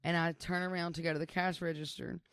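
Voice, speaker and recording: Young woman co-host, lower voice, chatty storyteller, dry close mic. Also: level tone, fast, clean tone, no room sound. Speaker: podcast co-host. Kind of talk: casual chat.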